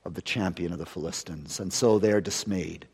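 A man preaching a sermon in dramatic style, slowing down for weight and rising to loud peaks. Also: low voice, slightly rough. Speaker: pastor. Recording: long hall reverb.

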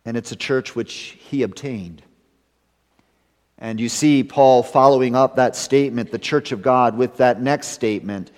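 A man preaching an evening sermon in a measured way, rising to emphatic stresses and dropping to hushed low endings. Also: fairly even intonation, in a large hall. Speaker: pastor.

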